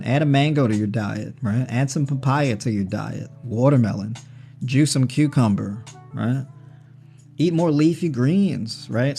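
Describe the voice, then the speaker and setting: A man of middle pitch hosting a livestream on a personal mic. He talks in a loose, joking, conversational way and keeps checking in with "right?" and "you know". Faint music plays quietly behind him. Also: gravelly. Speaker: livestream host. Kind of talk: casual livestream chat on diet.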